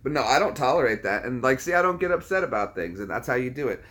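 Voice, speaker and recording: A man hosting a casual live stream, calmly lecturing and brushing off trolls. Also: mid-range voice, fast talker. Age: adult, military background. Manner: calm, lecturing, dismissive of trolls. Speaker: livestream host.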